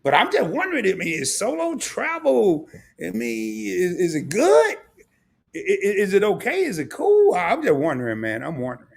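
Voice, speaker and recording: Animated host with a high, gravelly voice. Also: male voice, normal speed. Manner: animated, laughing often, repeats words. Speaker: live stream host. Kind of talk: casual live stream chat.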